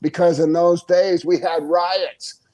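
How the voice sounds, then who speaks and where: An older man who is a guest on an interview podcast, telling stories in a casual, animated way, chuckling often and acting out the quoted voices. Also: sits high, takes it slowly. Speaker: interview guest, retired pro wrestler.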